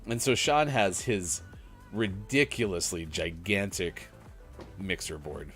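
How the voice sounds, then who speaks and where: A man's voice: low voice, takes it slowly, fairly bright tone, faint music behind. A middle-aged man co-hosting a morning gaming show, rambling casually with lots of fillers and chuckles. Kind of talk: casual chat while gaming.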